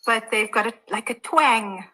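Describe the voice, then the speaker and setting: A South African woman telling an animated story in a casual live-stream chat. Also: fairly high pitch, normal speed, poor audio. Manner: animated anecdote teller.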